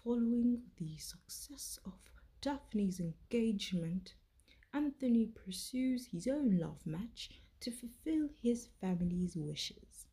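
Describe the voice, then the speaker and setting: A woman voicing a refined female society gossip narrator in a put-on British accent, in whispered role-play, with a breathy, hushed, measured delivery. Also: fairly high pitch, lively intonation, voice pushed up, exaggerated voice.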